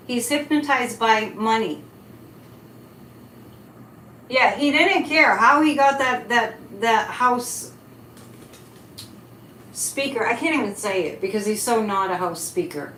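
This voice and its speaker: Speaking with a fairly high pitch and a fairly bright tone, a woman hosts a psychic live stream, chatting animatedly and casually while answering viewer comments. Echo and faint noise fill the recording.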